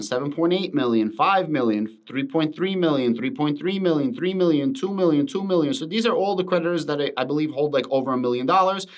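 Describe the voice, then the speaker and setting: A man talking through a finance topic on his channel in an emphatic commentary style, repeating words for stress. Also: on the high side. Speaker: crypto finance YouTuber. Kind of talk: casual commentary to camera.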